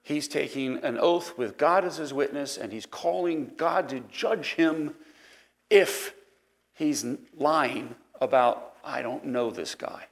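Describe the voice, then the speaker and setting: A man with an East Coast American accent leads a Sunday school Bible lesson. His voice sits a little high, and he talks conversationally, wandering into asides and anecdotes. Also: takes it slowly. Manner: conversational, digressive, with fillers and asides. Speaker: Bible teacher.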